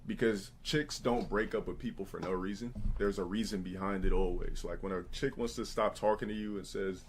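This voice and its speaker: A man live-streaming, telling crude stories and giving blunt advice to his chat, often mimicking others in a high, put-on voice. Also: fairly even intonation, a little fast, slight background noise.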